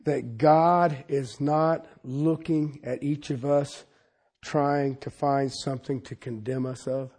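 A man preaching a sermon in a folksy, humorous way, talking straight to his listeners and swinging between loud exclamations and quiet, intimate asides. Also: medium pitch, fairly even intonation, takes it slowly.

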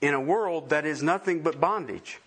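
Man preaching a sermon; emphatic, repetitive, dynamic swings, somewhat high-pitched. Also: moderate pace, fairly bright tone, slightly rough. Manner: emphatic, repeats phrases for stress. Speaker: pastor.

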